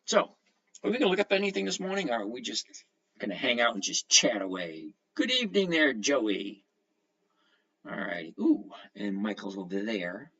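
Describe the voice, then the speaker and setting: A man's voice: medium pitch, wildly swooping pitch, moderate pace, a bit bright, dull audio. A man hosting a casual livestream from home, greeting viewers by name and reading their comments aloud. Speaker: livestream host.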